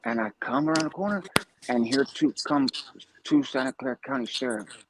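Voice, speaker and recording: A man telling a story casually, animated and profane with streetwise slang. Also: medium pitch, normal speed, creaky, noisy background.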